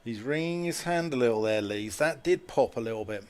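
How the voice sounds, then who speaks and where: A man's voice: mid-range voice, fairly quick, smooth. A man giving live ball-by-ball radio commentary on a cricket match. He calls the play and lifts his voice when a big shot comes. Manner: lively play-by-play, rising with big shots.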